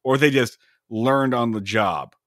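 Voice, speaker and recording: A man's voice: mid-range voice, measured pace, a bit bright, dry recording, clean studio sound. A man co-hosting a podcast, recapping a TV episode in playful casual chat. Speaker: podcast co-host.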